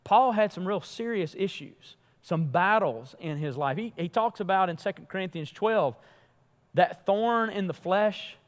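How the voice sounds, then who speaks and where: A man preaching a sermon with a somewhat high voice, pressing points hard and then dropping low. His voice carries a long reverb from a church sanctuary. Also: a little slow. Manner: emphatic preaching, rising and falling in loudness. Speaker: pastor.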